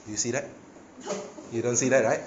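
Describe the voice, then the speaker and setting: Male preacher, animated storytelling, keeps asking the congregation, in a reverberant hall. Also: mid-range voice, fairly quick, muffled recording, background noise. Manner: animated storyteller, often checks with listeners. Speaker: pastor. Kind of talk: sermon. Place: church hall. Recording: echoey hall, faint ambience.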